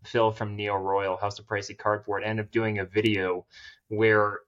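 A man's voice: fairly low pitch, level tone, a little slow, a bit bright, muffled recording. A man guesting on a podcast, chatting casually in a rambling, self-deprecating way and laughing often. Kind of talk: casual chat.

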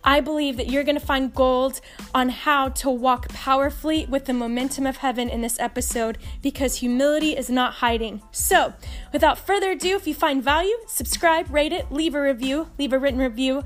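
An enthusiastic woman with a Texan accent hosts a faith podcast. Her voice sits high and bright in pitch. Soft music plays faintly underneath. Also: a little fast. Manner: enthusiastic, upbeat. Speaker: podcast host.

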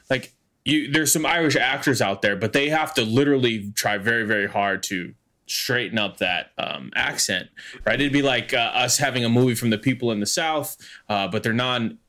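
A man's voice: medium pitch, normal speed, sharp tone. A man co-hosting a casual podcast, thinking aloud with lots of fillers and restarts. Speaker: podcast co-host.

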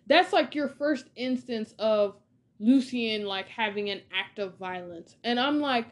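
A woman's voice: fairly high pitch, measured pace. A woman hosting a casual film review monologue, chatty and exasperated, ranting with lots of filler words. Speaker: podcast host reviewing films.

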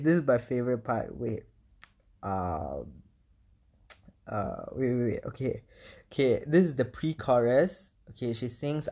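A woman, casually reviewing an album, animated and swearing, breaking into short sung lyrics. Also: very deep voice, a little slow. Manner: animated, swearing, sings lyric snippets, laughs often. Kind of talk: casual vlog chat.

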